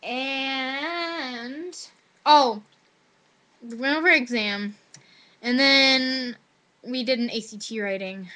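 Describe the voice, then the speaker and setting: Bright-voiced chatty teenage girl. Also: high voice, slow, pauses often. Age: teens. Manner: chatty, lots of "like", quoting others in animated voices. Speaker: high school student. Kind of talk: casual webcam vlog storytelling. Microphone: webcam microphone.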